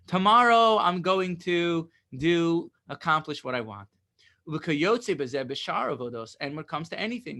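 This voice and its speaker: A man's voice: on the high side, animated, normal speed, pushed and bright. A man teaching a Torah lesson, reading Hebrew phrases and explaining them in casual English, often checking in with "right?".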